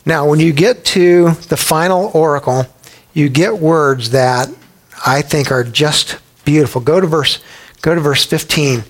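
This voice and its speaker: Male pastor, fairly high voice, animated conversational sermon style with playful storytelling. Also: measured pace. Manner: humorous, conversational.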